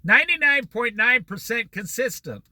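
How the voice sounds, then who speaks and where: A man with a high, very bright and sharp voice gives a motivational talk. His pitch swings widely as he tells homely examples. He drives each point home by repeating it. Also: very animated, normal speed, no echo. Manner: folksy, repeats points for emphasis. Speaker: speaker.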